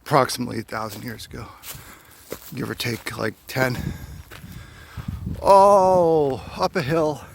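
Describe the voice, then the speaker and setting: A man's voice: medium pitch, brisk, vocal fry, a bit bright, a little hiss or hum. A man vlogging a solo hike outdoors, talking to himself with wry, chatty asides and winded from walking. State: out of breath. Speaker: hiking vlogger. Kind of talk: rambling solo trail vlog. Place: wooded hiking trail outdoors.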